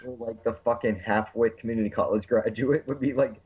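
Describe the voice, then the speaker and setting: A man co-hosting a podcast, telling profane, animated stories with a chesty cough. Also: mid-range voice, brisk, highs cut off. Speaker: podcast co-host. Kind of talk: casual chat.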